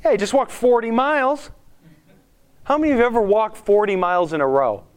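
A man gives a conversational sermon, preaching to a congregation and firing questions at them with animated energy. His voice sits a little high for a man and is smooth and clear. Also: a little fast. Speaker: pastor.

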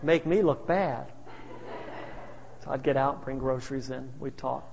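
A man's voice: mid-range voice, fairly even intonation, unhurried, gravelly, darkish tone. A male pastor telling stories in a sermon, humorous and anecdotal with chuckling asides. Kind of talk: sermon storytelling. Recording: reverberant hall.

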